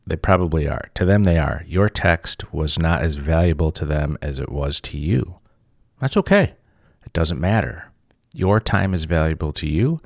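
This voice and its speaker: A man's voice: rumbling low, no room sound, clean studio sound. A man hosting a podcast, telling a story in a casual monologue, blunt and self-mocking, swearing freely. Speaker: podcast host.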